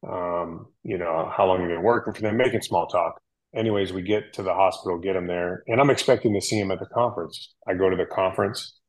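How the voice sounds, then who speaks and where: An American firefighter, a guest on a podcast, tells a story in a low voice, relaxed and animated, with lots of fillers and acted-out quoted dialogue. The recording quality is low.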